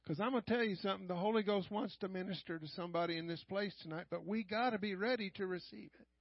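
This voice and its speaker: An older man leading fervent prayer and preaching at a church service, often shouting and repeating lines of praise. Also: high-pitched, fast, breathy edge, no room sound, muffled recording.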